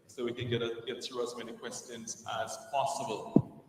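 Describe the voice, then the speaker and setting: Flat-voiced man giving far-off instructions. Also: mid-range voice, normal speed, heavy background noise. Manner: flat, offhand stage instructions. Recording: distant, echoey hall.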